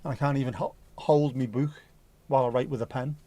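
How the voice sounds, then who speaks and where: A man's voice: medium pitch, steady tone, fast, warm tone. A man with a mild Scouse accent hosting a casual livestream chat, joking and rambling cheekily. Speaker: livestream host.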